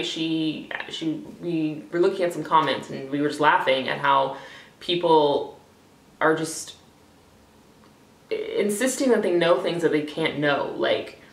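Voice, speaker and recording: A young woman rambles candidly to her camera, swearing often and filling gaps with ums and likes. Her voice sits low with a gravelly fry. The sound is roomy and echoey, as if the camera sits a little way off. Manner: rambling, candid, swears freely, many fillers. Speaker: vlogger. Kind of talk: casual talking-head vlog. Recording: echoey room, voice a bit far from the mic.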